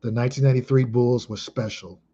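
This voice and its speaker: A man in his thirties from Chicago, reminiscing casually in an emphatic, excitable way with heavy swearing. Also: medium pitch, fast, breathy edge, highs cut off. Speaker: vlogger.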